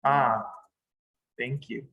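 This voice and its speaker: On a video call, a native Spanish speaker teaches English with patience, saying words again and again for emphasis. He talks extremely slowly in a mid-range voice with fairly even intonation, and the recording sounds muffled.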